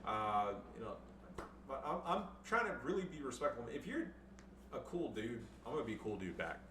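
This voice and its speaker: A man's voice: medium pitch, very animated, normal speed, a bit bright, recorded from a distance. A man commentating replays of his own strategy game matches in a loose, crude, joking way, with frequent swearing. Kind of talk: casual gameplay commentary. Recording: echoey room, voice off-mic, faint background noise.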